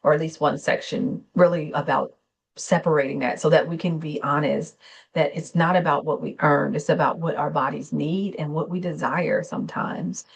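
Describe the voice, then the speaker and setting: A woman therapist with a low, gravelly voice gives a gentle wellness talk with guided breathing. She speaks slowly and soothingly. Her delivery is unscripted, and she corrects herself now and then. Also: fairly even intonation. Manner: slow, soothing, unscripted with small self-corrections. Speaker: therapist and channel host.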